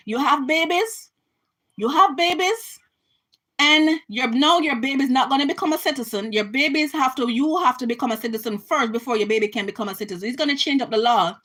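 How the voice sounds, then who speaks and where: A woman's voice: high-pitched, quick pace, few pauses, a bit bright, rough recording. A Jamaican woman giving an impassioned political rant to her camera, emphatic and repetitive, often restarting her sentences. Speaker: vlogger.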